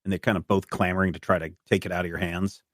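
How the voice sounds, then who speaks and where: A man narrating as game master of a tabletop game, rambling with many pauses and fillers. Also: low-pitched, flat delivery, a bit bright, dry recording, studio quality. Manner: rambling, many "uh"s and restarts while describing.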